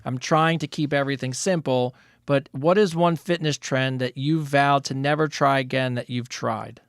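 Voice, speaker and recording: A man co-hosts a podcast, reading out listener questions in easygoing casual chat. His mid-range voice keeps a fairly even intonation at normal speed, with a clean tone and a dry, clean studio recording.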